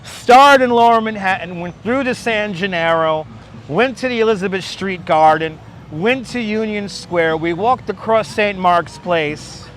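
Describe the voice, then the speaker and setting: His voice sits high, a bit bright, and a little slow as he hosts a walking-tour livestream outdoors in the city. He jokes around with viewers, chats casually and laughs frequently, recorded on a wireless clip-on mic with faint street noise.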